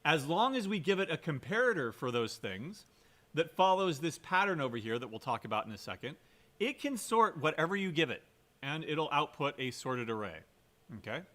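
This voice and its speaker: A man's voice: a little high, very animated, normal speed, pushed and bright. A man giving a recorded programming lecture in a conversational way, often checking in with "right?" and stressing key words. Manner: conversational, keeps asking "right?"; fillers and restarts, emphatic. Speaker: computer science lecturer.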